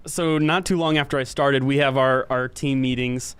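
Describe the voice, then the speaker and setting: Smooth-voiced man, measured and agreeable. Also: mid-range voice, fairly even intonation, a bit bright, no echo. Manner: measured, agreeable, hesitant fillers. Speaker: staff member and guest co-host. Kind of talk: casual chat.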